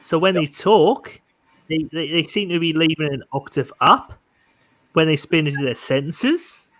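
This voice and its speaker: A man's voice: fairly high pitch, expressive, measured pace, fairly bright tone, dry recording. A man with a Sunderland Mackem accent chatting casually in a group, explaining things through examples. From Sunderland, North East England. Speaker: chat participant.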